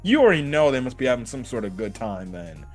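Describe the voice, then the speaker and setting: A man's voice: medium pitch, big pitch swings, fast talker, faint music behind. A young man reviewing an anime episode in casual chat. He swears freely, laughs often, and acts out quotes from the characters. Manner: loose and profane, with frequent laughs and acted-out quotes.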